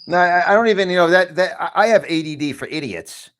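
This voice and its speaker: A man's voice: high-pitched, quick pace, fairly bright tone. Fired-up man with a New York accent. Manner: rambling, fired up, repeats words. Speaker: podcast host. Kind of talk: animated talk-show chat. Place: large studio.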